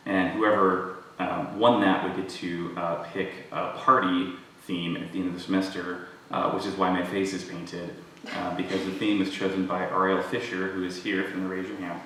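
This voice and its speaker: A man, a creative writing professor, gives a joking introduction at a live reading, chuckling often and filling pauses with ums. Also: sits low, flat delivery, fairly bright tone, slight background noise. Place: event hall with audience. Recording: echoey hall recorded from far off.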